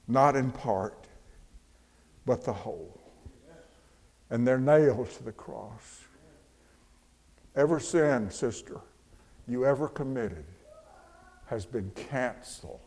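A man preaching a sermon, moving from hushed, slow storytelling to soaring, shouted proclamation. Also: medium pitch. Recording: long hall reverb.

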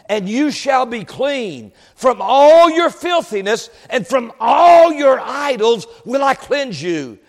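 Impassioned male preacher, high voice, shouts his points, lapel mic in a reverberant church. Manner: impassioned, swells into shouted exclamations. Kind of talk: sermon. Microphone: lavalier.

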